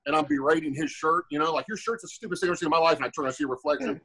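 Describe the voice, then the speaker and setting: His voice on the high side and slightly rough, a former fighter in his forties races through a winding, profane podcast anecdote, animatedly imitating the people in it. The audio is poor.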